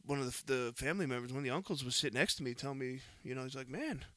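A man spins a heated story in a casual podcast chat, swearing freely and getting louder as he goes. His voice sits at an ordinary pitch, heard close and dry with no room around it. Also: racing, no echo. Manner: animated, profane, heated retelling.

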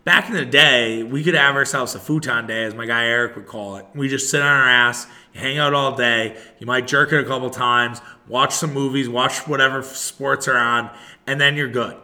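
A man's voice: medium pitch, normal speed. A man in his thirties hosting a podcast alone, ranting casually and profanely straight to his listeners. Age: 30s. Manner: profane, animated, talks to listeners directly. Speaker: podcast host. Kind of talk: casual solo podcast rant.

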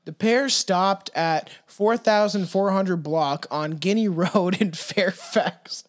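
A man's voice: sits high, takes it slowly. A man co-hosting a podcast, casually telling a spooky legend with stumbles, swearing and laughs. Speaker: podcast co-host.

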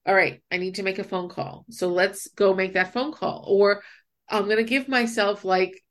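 Mid-pitched woman, conversational, explains with acted-out examples. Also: fairly even intonation, moderate pace. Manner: explanatory, acts out inner voices with examples. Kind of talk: casual conversation.

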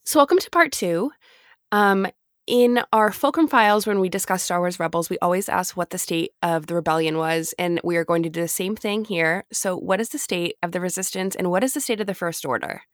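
Chatty young woman, low-pitched. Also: brisk, no echo, studio quality. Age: 20s. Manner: chatty, laughs often, trails off and restarts. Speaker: podcast co-host. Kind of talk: casual chat.

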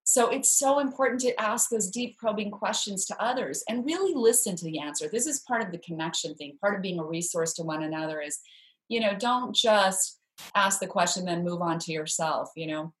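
A woman telling a story in a podcast conversation, earnest and animated, with frequent restarts. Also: mid-range voice, brisk, poor audio.

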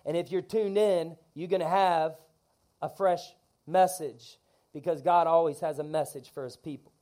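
A pastor preaches in a church with lively, animated energy. His voice sits high for a man, and he keeps pulling the congregation into call-and-response lines. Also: normal speed. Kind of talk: energetic sermon.

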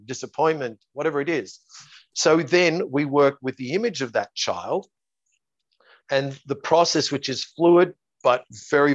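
A male therapist lays out his approach in a steady, methodical run of repeated phrases. The audio is dull and lo-fi, with a dry, close sound. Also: medium pitch, dry recording. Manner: repetitive, methodical, acts out client dialogues. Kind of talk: explaining his method in an interview.

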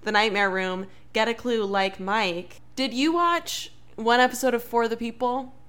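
A young woman co-hosting a podcast in casual chat, reacting warmly and laughing along with her co-host. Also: fairly high pitch, a little slow, clean tone.

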